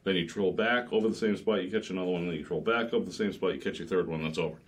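A charter captain with a New England accent talks in a low voice, spinning fishing stories in a relaxed podcast chat. He tells them with lively animation. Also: rapid-fire, hardly any pauses. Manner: animated storyteller, acts out customers' lines.

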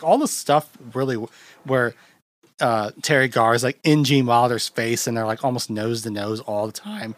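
A young man hosts a laid-back film podcast and rambles through his thoughts with plenty of fillers and laughs. His voice sits at an ordinary middle pitch, and the sound is dry and close. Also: dry recording. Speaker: podcast host. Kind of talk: casual film chat.

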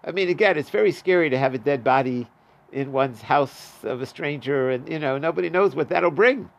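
A man's voice: on the high side, a little fast, vocal fry. A man teaching a Talmud class, reading the Aramaic and translating it in a casual, chatty way. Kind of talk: daf yomi Talmud class.

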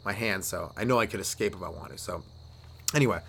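A man hosting his own comedy podcast, riffing through old jokes in a rambling solo set, with a lot of "right?" asides, laughing at his own lines and jumping into loud put-on voices for the bits. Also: deep voice, a little fast, vocal fry, slight background noise.

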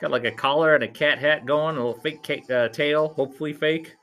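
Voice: brisk, faint music behind. A vlogger giving casual play-by-play commentary at a live event, chatty and laughing often. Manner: chatty, laughs often, lively swings in pitch. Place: at a live arm-wrestling event.

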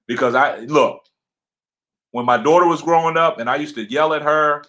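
A man with a deep voice, loud and passionate, casually chatting as co-host of a livestream from his home. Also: normal speed.

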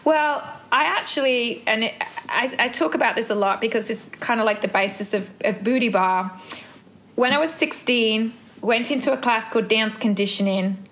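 Chatty English woman with softened Black Country accent. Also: on the high side. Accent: English Black Country, softened by travel and time in America. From England, Black Country. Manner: chatty, quick, laughs often, self-deprecating. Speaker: guest, Pilates instructor and former dancer. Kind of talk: casual interview chat.

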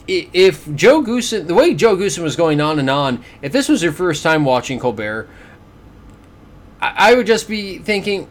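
A Canadian man with a slightly high voice hosting his own podcast. He reviews fights in an exasperated, sarcastic tone, and he stammers and repeats words as he talks. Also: big pitch swings, normal speed. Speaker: podcast host. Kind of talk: casual boxing review.

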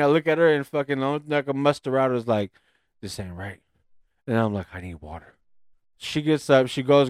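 A man telling a profane, animated story in casual chat on a podcast. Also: medium pitch, clear, resonant tone, no room sound, studio quality.

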